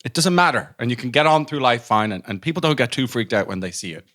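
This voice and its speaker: A man co-hosting a comedy podcast, joking in an offhand, deadpan way. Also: mid-range voice, quick pace. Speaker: podcast co-host. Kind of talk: comedic casual chat.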